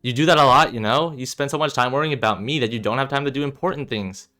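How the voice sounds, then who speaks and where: A man reading aloud as a troubled, guarded young man who speaks in a low, subdued, flat way. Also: quick pace, lightly acted.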